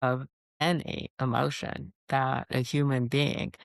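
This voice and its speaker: Slow, gravelly-voiced woman psychologist. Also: very deep voice, no room sound, clean studio sound. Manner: calm, measured explaining. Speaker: psychologist guest. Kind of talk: podcast interview.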